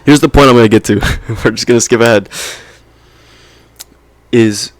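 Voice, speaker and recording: A man's voice: medium pitch, normal speed, no room sound. A young man vlogging in a casual, rambling monologue, peppered with slang and "right?" checks.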